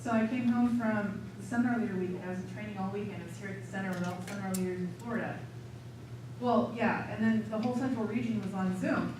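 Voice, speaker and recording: A woman's voice: medium pitch, background noise. Chatty woman seminar leader, echoey distant mic. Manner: chatty, animated storyteller who acts out her inner thoughts. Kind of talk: teaching through a personal story.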